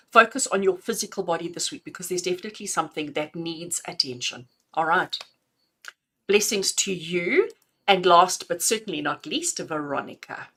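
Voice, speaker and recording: A middle-aged woman with a bright, clear tone gives intuitive messages on a live stream. She talks in a chatty, affectionate way and laughs easily between readings. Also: on the low side. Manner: affectionate, chatty, calls listeners "my darling". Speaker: intuitive reader.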